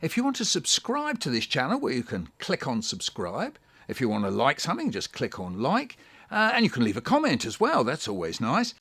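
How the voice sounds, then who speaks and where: A man's voice: mid-range voice, huge pitch swings, a little fast, a bit bright, breathy edge. A man telling comic stories in a playful, exaggerated way. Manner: exaggerated, playful, does funny voices. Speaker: storyteller. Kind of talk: animated comic storytelling, remixed clips.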